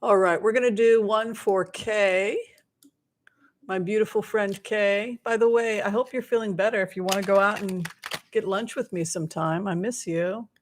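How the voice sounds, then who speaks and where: A woman's voice: medium pitch, fairly even intonation, normal speed. A woman giving live tarot readings to her viewers, chatty and bubbly, with playful asides. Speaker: tarot reader.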